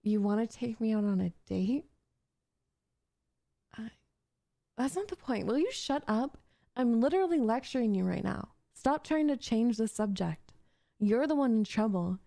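A woman's voice: fairly high pitch, lively intonation, moderate pace, vocal fry, pauses often, dark tone, dry recording. A young woman voicing a possessive, jealous gamer girl in an audio role-play, talking in a bossy, defensive, flustered way. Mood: flustered, angry. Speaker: voice actress.

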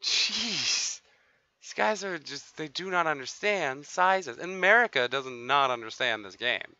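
A man giving excitable live gameplay commentary as a streamer, swearing and taunting other players. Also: on the high side, a little slow. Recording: dull lo-fi stream audio.

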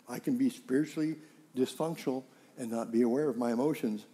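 A man's voice: mid-range voice, fast, mellow. A man preaching in a conversational way, teaching with rhetorical questions and acting out everyday dialogue to make his point. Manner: acts out quoted dialogue in scenes. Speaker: pastor. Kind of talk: sermon.

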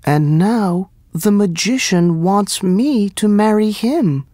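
Figure: a reader doing a young princess in a storybook. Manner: raised, bright voice, eager and loving, slow and clear over a dry, close sound. Style: storybook for English learners. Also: medium pitch, dry recording, pitched above the performer's own voice, close to an everyday voice.

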